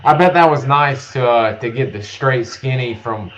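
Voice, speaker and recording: A man's voice: mid-range voice, normal speed, fairly bright tone. A man hosting an interview, reacting briefly and asking follow-up questions. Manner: short reactive responses and questions. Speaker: podcast host. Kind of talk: casual interview. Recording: dull lo-fi line with faint noise.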